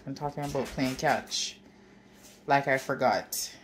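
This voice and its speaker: Speaking at a measured pace in a very deep voice, this Jamaican-accented woman vlogs about her life through her phone's front camera, occasionally addressing her toddler. The clip carries a little hiss or hum, and the scenes shift between her car, the cold outdoors, and her home.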